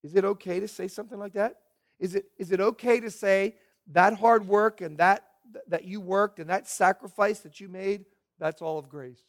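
High-voiced man preaching a sermon. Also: fairly even intonation, moderate pace. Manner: earnest, questioning, stumbles and repeats words. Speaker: pastor.

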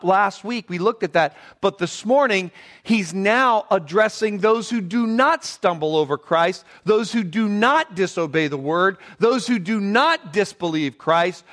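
High-voiced man preaching a sermon. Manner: earnest preaching, slows and softens in prayer. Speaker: pastor. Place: church sanctuary.

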